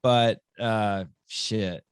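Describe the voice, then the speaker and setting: Blunt, low-voiced male podcast host. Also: fairly even intonation, very slow, clear, resonant tone, dry recording, studio quality. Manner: blunt, swearing, rambling. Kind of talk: casual podcast chat.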